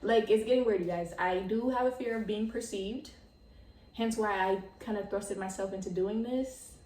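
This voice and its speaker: A young woman in her twenties hosting her own podcast, excitable and chatty, full of "like" and laughs. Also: medium pitch, moderate pace, roomy sound, distant mic. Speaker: podcast host. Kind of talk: casual chat.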